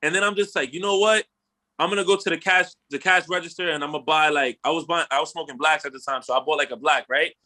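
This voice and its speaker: Casting: young male podcast host, high and bright, animated slangy storyteller who swears freely. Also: fast. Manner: animated storyteller, slangy, swears, acts out his own quotes. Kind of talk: casual storytelling chat.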